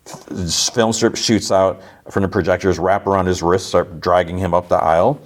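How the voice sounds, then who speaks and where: A man's voice: low voice, fairly even intonation, normal speed, hardly any pauses. A podcast host, a man, casually recapping a TV episode in a rambling way, full of "like" and restarts.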